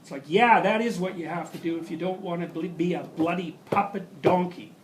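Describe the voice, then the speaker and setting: A man's voice: high-pitched, brisk, slight background noise, rough recording. A man giving a university lecture, telling stories emphatically with rhetorical questions and asides. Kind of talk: classroom lecture.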